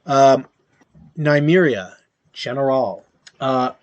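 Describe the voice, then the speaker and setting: A man narrating a tabletop game as game master, in slow, halting speech with fillers. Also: mid-range voice, no room sound, muffled recording.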